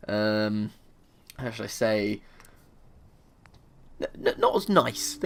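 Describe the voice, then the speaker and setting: A young man, telling a gaming story in an excitable, animated way. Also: on the low side, creaky, slight background noise. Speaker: gaming youtuber. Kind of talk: casual gaming vlog.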